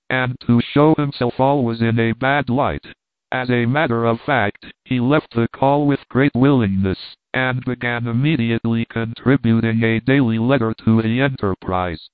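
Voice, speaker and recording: A man reading old letters and commentary aloud in a steady, measured way. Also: medium pitch, clear, resonant tone, no echo. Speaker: reader. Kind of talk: scripted narration of old letters. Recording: dry, tinny phone-like sound.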